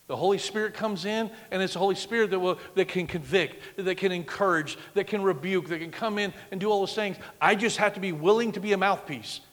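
A middle-aged man preaching a sermon as a guest pastor, emphatic, swinging from loud declarations to hushed lines. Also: high voice. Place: church sanctuary. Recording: long reverb of a large church hall.

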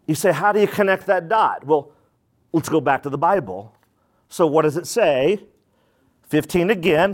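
A man preaching a sermon as pastor, animated, asking the congregation rhetorical questions and acting out quoted voices. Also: a little high, moderate pace, pauses often.

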